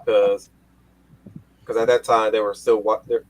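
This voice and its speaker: A man's voice: on the low side, level tone, a little slow, rough recording. A man hosting a casual panel chat, rambling with many restarts and casual swearing. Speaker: podcast host.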